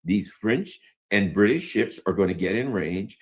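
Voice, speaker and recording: A man giving casual, jokey news commentary in an animated, slangy way. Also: on the low side, unhurried, slightly rough.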